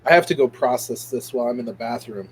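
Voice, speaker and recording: A man's voice: mid-range voice, quick pace, slight background noise. A man co-hosting a podcast who has a cold, chatting casually with joking reactions. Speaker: podcast co-host. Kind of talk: casual chat.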